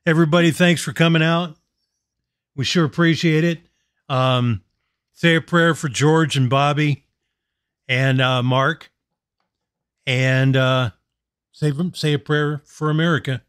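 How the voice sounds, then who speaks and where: A man hosting a casual talk show in a slow, easygoing way. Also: a little high, fairly even intonation, a bit bright, smooth. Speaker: host. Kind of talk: casual chat.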